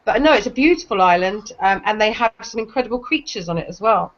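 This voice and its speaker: A woman's voice: medium pitch, animated, fast talker. A middle-aged English woman with a faint American tinge, chatting casually and trailing off mid-sentence. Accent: English, with a slight American tinge. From England. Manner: chatty, restarts often, trails off. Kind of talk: casual chat. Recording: dull lo-fi stream audio.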